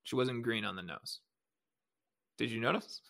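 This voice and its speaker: A man's voice: mid-range voice, moderate pace, creaky, bright, forceful tone. A man co-hosting a podcast, giving a sarcastic, mocking play-by-play recap of a movie in casual chat. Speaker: podcast co-host.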